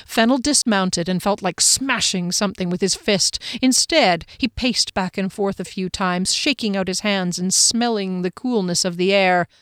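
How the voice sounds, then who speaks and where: A woman reading a fantasy novel aloud in a steady storytelling manner. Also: mid-range voice, normal speed, few pauses, clean tone, no room sound, studio quality. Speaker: narrator. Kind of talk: scripted fantasy narration.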